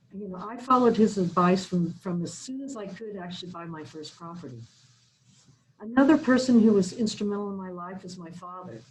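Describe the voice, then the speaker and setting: A middle-aged woman, a business owner, telling her life story in a chatty way, often restarting, with loudness rising and falling. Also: medium pitch, animated, a little fast, slight background noise, low-quality recording.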